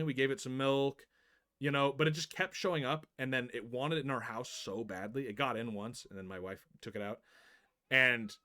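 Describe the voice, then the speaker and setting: A young man streaming a game, chatting casually and reading narration, an animated storyteller who laughs often and swears freely. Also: medium pitch, a little fast. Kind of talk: casual live-stream chat and game read-through.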